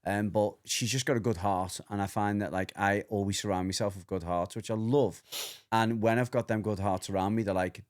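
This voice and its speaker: A middle-aged man chats loosely on a podcast. His voice sits a little low. He rambles, stumbles over his words and laughs easily. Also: brisk. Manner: rambling, animated, repeats words, laughs often. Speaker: podcast co-host, dog trainer. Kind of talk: casual chat.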